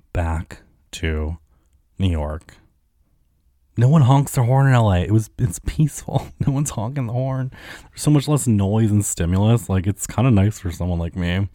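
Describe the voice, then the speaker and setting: A man's voice: on the low side, mellow, no echo, clean studio sound. A man hosting a solo podcast, rambling casually with lots of filler words and swearing. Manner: rambling, heavy on "like" and "um", profane. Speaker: podcast host.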